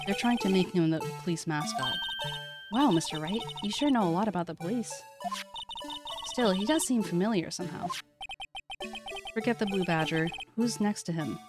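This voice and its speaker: A woman's voice: mid-range voice, lively intonation, normal speed, pauses often, lightly acted. A woman voicing a wry, nervous young male defense lawyer who mutters asides. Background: game music.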